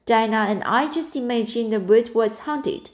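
A woman's voice: on the high side, normal speed, close to an everyday voice. Woman reading dreamy orphan girl, talkative, earnest, romantic, audiobook. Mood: frightened.

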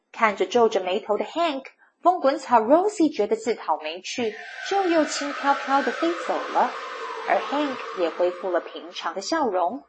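A woman storyteller reading a picture book aloud to children, retelling each page in a slow, expressive way. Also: on the high side.

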